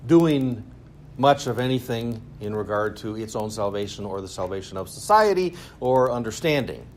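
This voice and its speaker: A man lecturing at a school, speaking casually with sarcastic, animated asides. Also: fairly low pitch, moderate pace, slight background noise. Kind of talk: university lecture.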